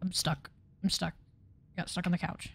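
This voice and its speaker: A woman chatting through a game, excitable and tripping over her words. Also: fairly low pitch, moderate pace, vocal fry, slightly rough, no echo. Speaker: gamer. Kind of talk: casual game commentary.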